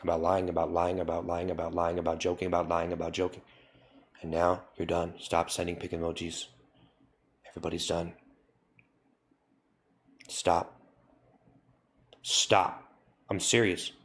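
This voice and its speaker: Low-voiced man scolding his chat. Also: monotone, moderate pace, long pauses. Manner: mock-stern, scolding, repetitive. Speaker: livestreamer. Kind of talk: comedic live stream reading chat.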